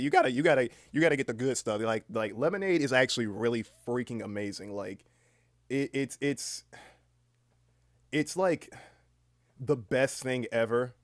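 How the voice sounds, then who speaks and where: A man chatting casually on a live stream, rambling and swearing freely, reading aloud haltingly with lots of fillers. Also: mid-range voice, no echo, clean studio sound. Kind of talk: casual livestream chat.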